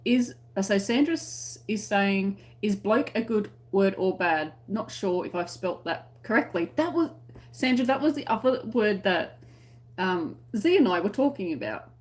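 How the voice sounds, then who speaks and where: An Australian woman hosts a casual crochet livestream, reading comments and chatting with viewers, giggling as she explains slang. Her medium-pitched voice is expressive and moves at a normal speed.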